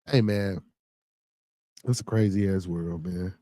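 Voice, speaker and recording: Low, slow and warm, this Chicago-accented man's voice carries no room sound. He hosts a podcast, rambling profanely in casual chat and reading out news stories.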